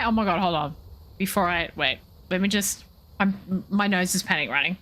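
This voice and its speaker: A playful, chatty woman in her thirties with an Australian accent streams a game and talks casually with viewers. Her medium-pitched voice is very animated, bright and forceful, at a normal speed.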